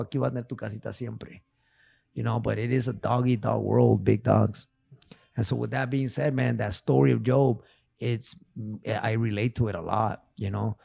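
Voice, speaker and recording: A man's voice: mid-range voice, vocal fry, a little mellow, no room sound. A man guest telling a personal story on a casual podcast, emotional and profane, repeating phrases. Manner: repeats phrases, calls host big dog. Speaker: therapist guest.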